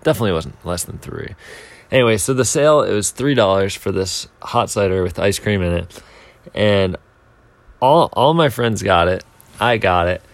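A man's voice: lowish voice, expressive, moderate pace, dry recording. A young man telling a casual, self-mocking story, rambling along with filler words and restarts. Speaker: speaker telling a timed anecdote.

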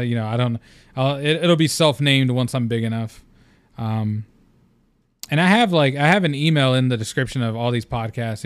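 Young guy solo podcast, chill rambly talk, swears a lot, smooth voice, mid pitch. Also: no room sound. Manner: rambling, loose and candid, frequent fillers and swearing. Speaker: podcast host. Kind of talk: casual solo podcast monologue.

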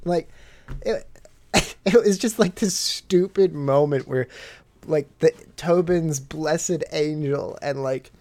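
A man telling a story on a podcast, animated and profane, laughing often as he talks. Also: fairly high pitch, slow. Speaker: podcast host. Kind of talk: casual storytelling.

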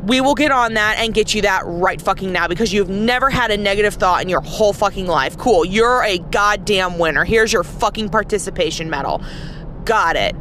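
A woman's voice: mid-range voice, a little fast, fairly bright tone, slight background noise. A woman who works as a nurse, ranting in a casual, blunt and profane way, with heavy sarcasm. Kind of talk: casual rant to camera.

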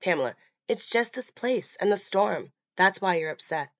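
A woman voicing a grieving middle-aged mother turned killer, soft-spoken and quietly menacing, in a dull lo-fi recording. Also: mid-range voice, lively intonation, normal speed, no echo, lightly acted. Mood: soothing.

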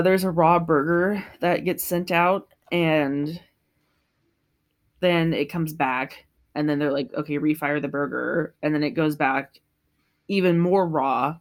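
A podcast co-host recapping an episode in casual chat, laughing often and swearing freely. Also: medium pitch.

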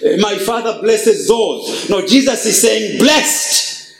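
A male pastor preaching a sermon, stressing key words with slow, drawn-out emphasis. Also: high-pitched, expressive, gravelly, roomy sound, rough recording.

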